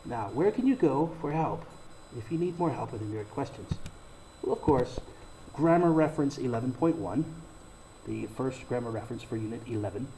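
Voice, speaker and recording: A man giving a recorded English grammar lesson, explaining slowly and deliberately and reading out example sentences. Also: medium pitch, animated, mellow, a little hiss or hum, rough recording. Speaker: English teacher.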